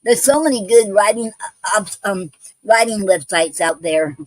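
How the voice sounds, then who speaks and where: A woman's voice: mid-range voice, lively intonation, measured pace, no echo, poor audio. A woman hosting an online poetry show, talking casually with many ums, restarts and repeated okays.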